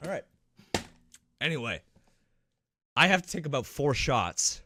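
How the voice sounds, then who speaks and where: A man co-hosting a casual gaming podcast, animated and laughing a lot. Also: on the high side, unhurried, slight background noise. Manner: animated, laughing, slips into mock voices. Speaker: podcast co-host.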